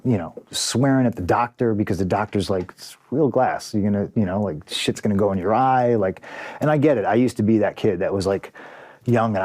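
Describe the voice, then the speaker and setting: Man, low voice, dry sound, candid interview, rambling, profane, quotes dialogue. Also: darkish tone, no room sound. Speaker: interview guest, wrestler.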